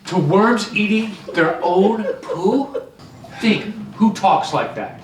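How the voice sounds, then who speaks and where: A man's voice: high voice, takes it slowly, a little hiss or hum. A man playing a hot-tempered therapy patient who insults the others, sarcastic and snarling, in a stage comedy. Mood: irritated. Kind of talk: community theater comedy. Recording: echoey stage from far off.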